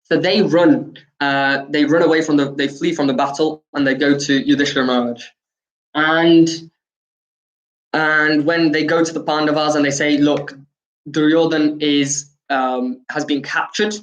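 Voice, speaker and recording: A man's voice: a little high, normal speed, lo-fi sound. Man retelling an epic, echoey room. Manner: animated retelling, acts out dialogue, frequent fillers. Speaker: spiritual teacher. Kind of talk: storytelling talk.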